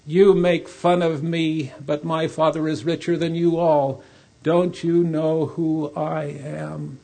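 Brief: man doing a broken young runaway son, husky and slow, begging to be taken back. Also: medium pitch, fairly even intonation, warm tone. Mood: pleading. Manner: pleading, pained.

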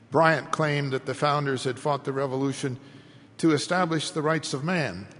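Man, history lecturer, measured delivery, mid-range voice, long hall reverb. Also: mid-range voice.

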